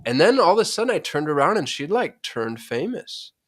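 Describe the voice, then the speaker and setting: A man's voice: fairly high pitch, sing-song, a little fast. An American man co-hosting a podcast, bantering and joking. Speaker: podcast co-host. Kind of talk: casual podcast chat.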